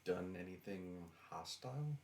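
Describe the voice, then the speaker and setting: A man playing in a tabletop game who speaks in a slow, measured way. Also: sits low, lively intonation, creaky, darkish tone. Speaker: player.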